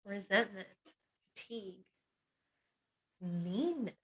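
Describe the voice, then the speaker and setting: A woman's voice: mid-range voice, lively intonation, slow, breathy edge, low-quality recording. Earnest woman listing feelings, light laughs. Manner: lists feelings one by one in short emphatic phrases, often laughing lightly; earnest and confiding, draws on her own life. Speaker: hypnotherapist teaching a masterclass. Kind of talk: personal teaching talk on emotional pain.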